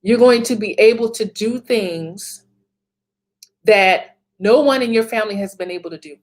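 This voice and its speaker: A woman's voice: medium pitch, moderate pace. A woman in her thirties giving a motivational talk as a business coach, emphatic, repeating phrases and laughing often.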